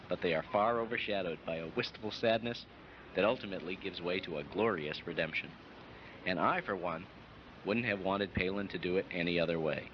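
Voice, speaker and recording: Low-voiced man giving a review. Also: slight background noise. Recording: dull lo-fi recording.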